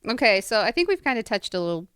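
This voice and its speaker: A woman hosting a book podcast with a smooth, clear voice at a middle pitch. She speaks steadily and guides the talk with questions. The sound is close and dry. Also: very animated, fast talker, fairly bright tone, dry recording. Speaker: podcast host. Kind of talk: casual book discussion.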